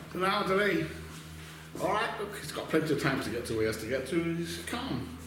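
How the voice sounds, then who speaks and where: A man giving a casual Torah class to a small group, telling a story and then going through Jewish law, talking in a halting way with many restarts and Hebrew terms. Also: on the high side, very animated, very echoey, noisy background.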